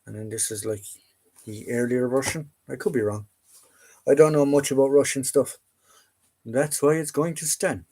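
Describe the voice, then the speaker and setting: A man's voice: mid-range voice, a little mellow. Rambling Irish man chatting live. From Ireland. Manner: rambling and chatty, with frequent restarts and fillers. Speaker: live-stream host. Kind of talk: casual live chat. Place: home room full of collectibles.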